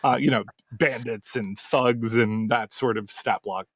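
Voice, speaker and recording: A man's voice: mid-range voice, fairly even intonation, a little slow, dry recording, studio quality. A man who hosts a podcast and runs tabletop games, telling a session story in a rambling, casual way. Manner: rambling, full of fillers and restarts. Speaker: game master and podcast host.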